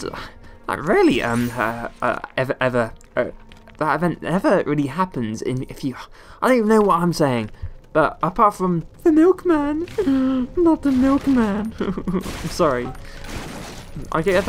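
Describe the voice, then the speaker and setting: Young man, gaming commentary, playful and rambling, bouncy animated pitch, faint music behind. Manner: playful, rambling, jumps into squeaky high exclamations. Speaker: gaming YouTuber. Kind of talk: let's play commentary.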